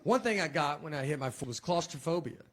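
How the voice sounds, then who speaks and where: A middle-aged man spins comic stories in a deadpan, self-deprecating way, chuckling at his own lines. His voice sits a little high for a man. A steady hiss of noise runs under the recording. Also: quick pace. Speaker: comedian. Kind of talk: casual comic storytelling. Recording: noisy background hiss.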